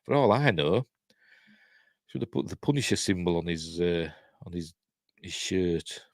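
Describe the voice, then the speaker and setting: A man's voice: deep voice, animated, unhurried, no room sound, studio quality. An older man with a Yorkshire accent hosting a live stream, musing aloud casually with wry asides that trail off. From Yorkshire, England. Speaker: host of a live news stream. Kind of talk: casual chat.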